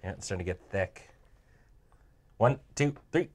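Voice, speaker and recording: A man's voice: on the low side, expressive, moderate pace, darkish tone. A man hosting a casual board game show, playful and laughing often. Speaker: host.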